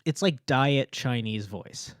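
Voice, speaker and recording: A man's voice: medium pitch, slow, dry recording, clean studio sound. A young adult man co-hosting a podcast in casual chat, rambling, self-mocking and laughing often. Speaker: podcast co-host.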